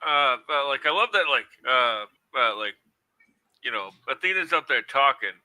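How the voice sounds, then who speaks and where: A man co-hosting a podcast, chatting casually and haltingly with lots of fillers. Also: mid-range voice, animated, sharp tone, dry recording, low-quality recording. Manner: halting, filler-heavy, amused. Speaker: podcast co-host. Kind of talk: casual wrestling chat.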